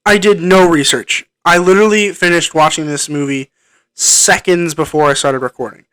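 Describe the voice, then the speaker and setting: Talking into a computer-connected microphone, this male film reviewer rambles through a casual review, hesitant and full of ums and restarts. His fairly high voice is pushed and bright yet clear and resonant, with fairly even intonation, a moderate pace, and no echo.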